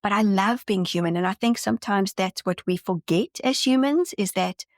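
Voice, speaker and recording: In a dry, clean studio recording, a podcast guest who channels spirits talks in a mid-range voice at normal speed. The interview is casual, and she's earnest and enthusiastic, often beginning sentences again.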